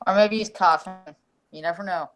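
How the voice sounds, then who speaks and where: A woman's voice: medium pitch, a little fast, a bit bright, faint music behind, rough recording. A woman on a casual group stream who jokes crudely and sarcastically, swearing freely.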